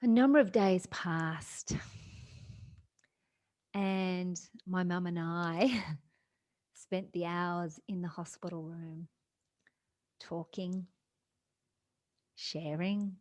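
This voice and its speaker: A woman telling her own story slowly and earnestly, with a slightly low voice. Her telling is emotional and heartfelt, with soft laughs slipping in between phrases. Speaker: storyteller sharing a personal story. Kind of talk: personal testimony.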